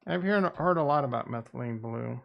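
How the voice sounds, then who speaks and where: A man's voice: mid-range voice, lively intonation, fairly quick, gravelly, muffled recording. A man streaming casually, muttering blunt, sarcastic and profane remarks to himself into a desk microphone. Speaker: crypto streamer. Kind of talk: casual live-stream commentary.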